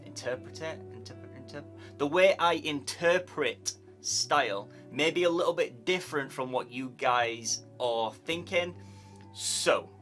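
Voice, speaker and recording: His voice sits on the high side, pushed and bright. A yawning, tired tattoo artist chats to camera with casual YouTube advice, repeating words as he works through his thoughts.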